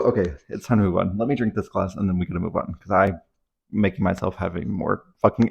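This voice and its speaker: A man's voice: low voice, steady tone, fairly quick, gravelly, breathy edge. Rambling, anxious, swearing man. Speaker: vlogger. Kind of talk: casual confessional vlog. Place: at home indoors.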